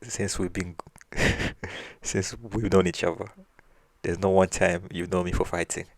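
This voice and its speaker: A man's voice: low voice, level tone, measured pace, no echo. A man voicing a sly, easygoing older village man who reasons with amusement. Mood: amused.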